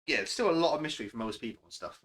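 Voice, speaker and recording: Brief: young guy, fast and bright, rambling casual chat as a game master. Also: mid-range voice, expressive, slight background noise. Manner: chatty, rambling, swears casually. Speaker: game master answering questions.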